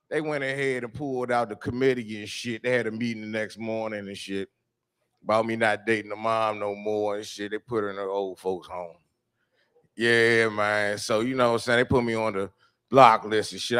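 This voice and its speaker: A man doing a stand-up comedy set, telling a loose rambling story with lots of filler and swearing, breaking into shouted quoted voices. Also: lowish voice, clean tone. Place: live comedy show venue.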